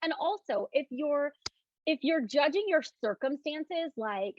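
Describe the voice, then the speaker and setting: A woman hosting a casual live talk on self-love, speaking gently and reflectively and reading out viewer comments. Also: high-pitched, expressive, a little slow, no echo, muffled recording. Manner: gentle, reflective, often mimics questioning tones.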